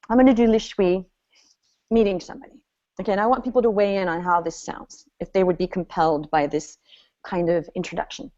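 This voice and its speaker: Chatty, animated woman coaching on a dull line. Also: medium pitch, a little fast. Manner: animated, chatty, laughs often. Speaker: business coach. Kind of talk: live online coaching seminar. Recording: slightly dull lo-fi audio.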